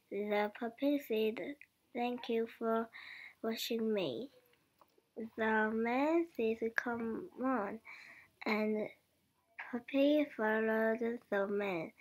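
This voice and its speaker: Woman, English learner, reads her own story aloud; very slow, halting, slightly high voice, some words half-whispered. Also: darkish tone. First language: not English. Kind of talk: reading a short story aloud.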